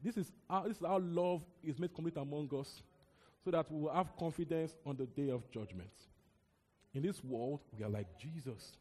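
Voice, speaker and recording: A young man with a Nigerian accent preaching a sermon, talking in an animated, conversational way with repeated words and asides. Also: on the high side, normal speed. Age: young adult. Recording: long hall reverb.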